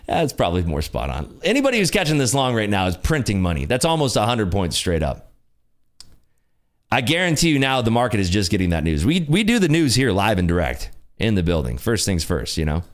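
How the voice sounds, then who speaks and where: Low, lively man hosting a trading stream. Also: brisk. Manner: upbeat, chatty, jokey. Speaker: day-trading livestream host. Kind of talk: casual live commentary.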